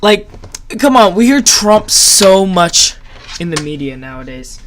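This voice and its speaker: A man's voice: high voice, sing-song, a little slow, a bit bright. A man giving casual reaction commentary in a sarcastic, mock-enthusiastic ranting way. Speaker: YouTube commentator.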